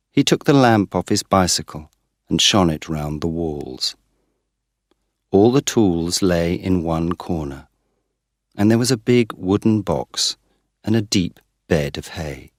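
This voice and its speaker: Slow, deep-voiced male storyteller. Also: no room sound, studio quality. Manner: slow, careful, plain delivery. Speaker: narrator. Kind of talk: graded-reader story narration.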